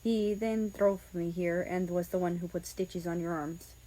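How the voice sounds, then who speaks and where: A soft-spoken, protective young man, as a woman reads him, hushing and calming his partner with low, quiet reassurance. His voice sits low and stays gentle throughout the audiobook reading. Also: measured pace, lightly acted, poor audio. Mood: soothing. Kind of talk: fan fiction audiobook reading.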